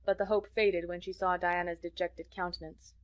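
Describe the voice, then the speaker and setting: A woman narrating a classic novel as an audiobook, measured and expressive. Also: fairly low pitch. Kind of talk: scripted narration.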